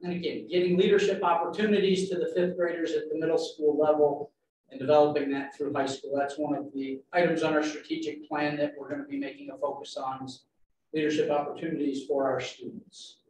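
A man's voice: a little high, brisk. A man, a school administrator, methodically walks a board through an update at a public meeting, picked up from a distance in a large room. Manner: steady, methodical, walks through points in order. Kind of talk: informational presentation at a public meeting. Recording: very echoey meeting room from far off, faint noise.

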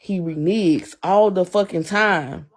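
A woman's voice: on the low side, slow. A young adult woman on a livestream, ranting in a heated, profane, repetitive way and answering her chat. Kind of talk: angry live-stream rant.

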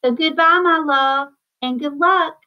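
A woman's voice: sits high, a little slow, voice pushed up. A woman reading aloud and voicing a practical, kindly middle-aged housewife in a storybook reading, speaking fondly and matter-of-factly, on a dull, lo-fi recording. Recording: dull lo-fi sound.

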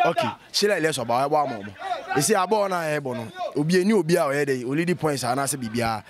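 A man with a Ghanaian accent, an amateur footballer, boasts about his team with animated energy. His voice is high and he talks quickly.

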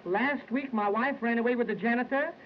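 Exasperated unlucky guy ranting fast, a man putting him on, old muffled film audio. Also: very high-pitched, a little hiss or hum. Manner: rapid, aggrieved outburst. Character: exasperated down-on-his-luck man at a station. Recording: dull lo-fi 1920s sound film with loud music.

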